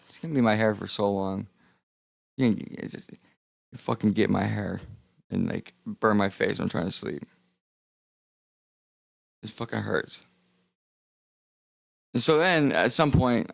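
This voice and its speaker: Gravelly man ranting a story. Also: no room sound, clean studio sound. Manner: swearing, animated, acts out dialogue with rising pitch. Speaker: streamer. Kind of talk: casual storytelling rant.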